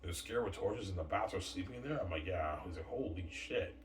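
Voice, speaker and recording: A man's voice: deep voice, fast talker, slight background noise. A man talking in a boastful, rambling monologue, peppered with "man" and "yeah". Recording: roomy distant mic with faint ambience.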